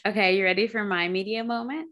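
A woman's voice: mid-range voice, fast talker, a bit bright. A woman co-hosting a podcast in casual chat, easygoing, with many fillers and short replies. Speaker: podcast co-host.

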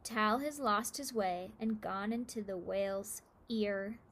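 A woman's voice: medium pitch, takes it slowly, a bit bright. A woman voicing a fussy, self-pitying female donkey in a storybook reading, speaking in a complaining tone.

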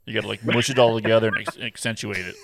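A man's voice: lowish voice, steady tone, racing, creaky, noisy background. A man hosting a casual interview, joking and laid-back. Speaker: podcast host.

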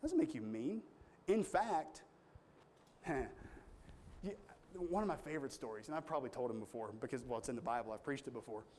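A man's voice: medium pitch, lively intonation, moderate pace, pauses often, darkish tone, a little hiss or hum. A man pastor preaching a sermon in an earnest, conversational storytelling way with strong emphasis.

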